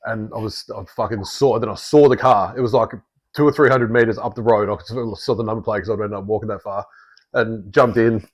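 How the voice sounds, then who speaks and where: A man with an Australian accent, a podcast host chatting casually and telling an animated story with plenty of swearing. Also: fairly low pitch, fast talker, poor audio. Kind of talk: casual chat.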